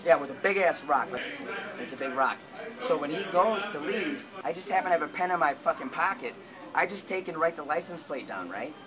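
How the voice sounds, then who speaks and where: Man, slightly high voice, rambling casual storytelling, profane, people chattering around. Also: animated, brisk, over a noisy crowd, poor audio.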